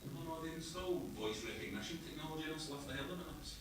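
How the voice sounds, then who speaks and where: A man's voice: fairly high pitch, expressive, fast, noisy background, close to an everyday voice. A man playing an exasperated Scottish guy in a lift. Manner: bickering, repeating himself with rising impatience. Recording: echoey, distant comedy clip over speakers.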